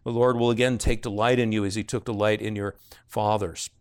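A man's voice: on the low side, level tone, a little fast, smooth. Earnest male Bible teacher explaining scripture. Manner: earnest, explanatory, with frequent "uh" fillers and rising emphasis on key words.

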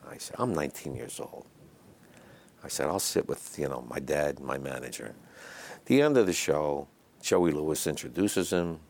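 An older man telling stories in a relaxed, chatty way as an interview guest, with lots of fillers and asides. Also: a bass voice, moderate pace. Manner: raspy, chatty anecdotes full of fillers. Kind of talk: storytelling in a casual interview.

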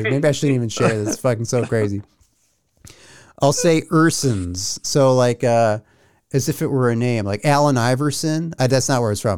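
A man's voice: medium pitch, a little mellow, clean tone, no echo, studio quality. A young man hosting a podcast in casual chat, rambling, swearing casually and laughing at himself. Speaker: podcast host.

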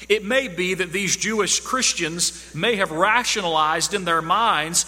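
Male preacher, high and very bright tone, emphatic and repetitive delivery, hall reverb. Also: unhurried, few pauses. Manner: emphatic, repeats key phrases for stress. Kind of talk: sermon.

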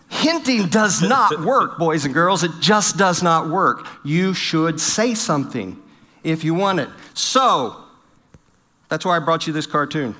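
A man's voice: a little high, expressive, a little slow, pushed and bright. A middle-aged man giving a humorous church talk on marriage, telling stories with self-deprecating jokes and acting out the quotes. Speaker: pastor.

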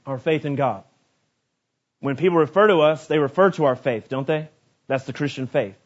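A man preaches a sermon in a notably high voice. He swings from rising, shouted lists to quiet, low asides. The recording sounds dull and lo-fi. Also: moderate pace.

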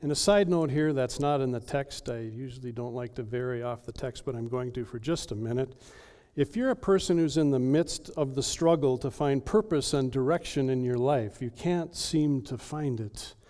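A male pastor preaching an earnest sermon with emphatic delivery and dramatic pauses. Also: medium pitch, dark tone.

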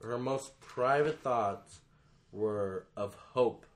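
A man's voice: mid-range voice, drawn-out words. A man in a casual chat, recapping a comic book story and reading lines aloud. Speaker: comic book discussion co-host.

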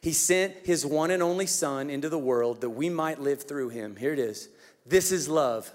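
A man preaching a Christmas sermon as pastor, telling a story with lively, animated delivery that drops to hushed tenderness. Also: fairly high pitch, normal speed.

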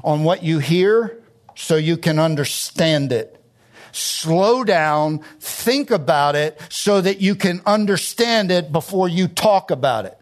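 A middle-aged pastor delivers a sermon, his voice sitting high for a man. He hammers key words by lifting his pitch and stretches out short phrases for weight, in the style of expository church preaching. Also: animated. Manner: emphatic preaching, rising on key words, slowing to stress phrases.

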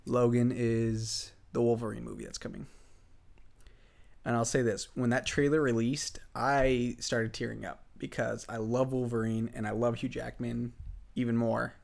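A man's voice: medium pitch, flat delivery, moderate pace, creaky, a little mellow. A man hosting a casual podcast, talking enthusiastically with lots of fillers and restarts. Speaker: podcast host.

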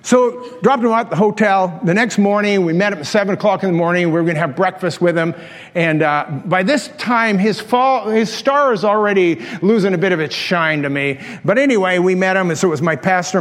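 A man's voice: high voice, a little fast. A man, preaching a sermon in a folksy, self-deprecating storytelling way, chuckling at his own stories. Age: 60s. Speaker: pastor. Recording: long reverb of a large church hall.

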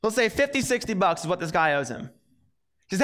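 A young adult man giving a casual, animated sermon, telling the story in a lively way and acting out its characters. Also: sits high, brisk. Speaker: preacher.

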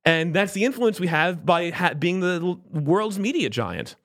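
A man co-hosting a podcast in casual chat, rambling and animated, slipping into quick voice impressions. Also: sits high. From United States. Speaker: podcast co-host.

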